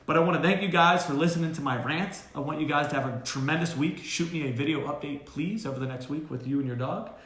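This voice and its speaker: A man, a dog trainer hosting a casual live Q&A, who talks in an animated, storytelling way full of fillers and restarts. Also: on the high side, quick pace, hardly any pauses. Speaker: dog trainer and show host. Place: boarding kennel room. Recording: roomy kennel room.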